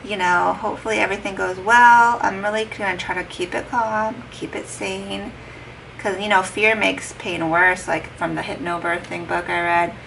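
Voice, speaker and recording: A woman's voice: medium pitch, little pitch movement, moderate pace, vocal fry, a bit bright. A heavily pregnant young woman chatting casually to her vlog camera at home, retelling a conversation with lots of "like" and quoted dialogue. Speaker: vlogger. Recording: distant mic with faint background noise.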